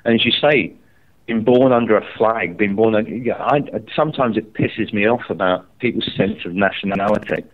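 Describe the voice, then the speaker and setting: A man from Scotland, heard on a tinny phone connection, is in a heated casual conversation, furiously telling a story. He speaks at a normal speed in a fairly low pitch, cursing constantly with animated energy.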